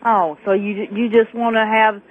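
A woman's voice: medium pitch, level tone, normal speed. A woman calling in to a radio show, hesitant and full of ums. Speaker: radio caller. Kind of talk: call-in radio talk. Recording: tinny phone line with faint noise.

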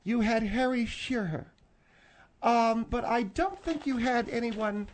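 A man's voice: very high voice, slight background noise, pitched above the performer's own voice. A man voicing a touchy older woman who bickers with the host in a radio comedy sketch. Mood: prickly. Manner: bickering, quick to take offense.

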